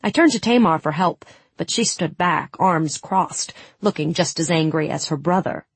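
A woman narrating a first-person fantasy audiobook in a measured way, giving the characters' lines some heat. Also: deep voice, expressive, slightly rough, no room sound.

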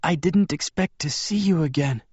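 A man voicing a frail young woman who speaks in a strained, breathy whisper, in an audiobook reading. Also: a little high, normal speed, a little mellow, no room sound, voice pushed up. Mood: weak whisper. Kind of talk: audiobook character voice. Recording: slightly dull dry recording.

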